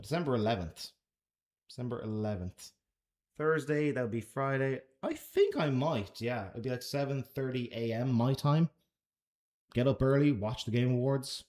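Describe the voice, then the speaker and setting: A man's voice: mid-range voice, expressive, moderate pace, a little mellow. An Irish man answering chat questions on a casual live stream, laid-back and chatty, swearing now and then. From Ireland.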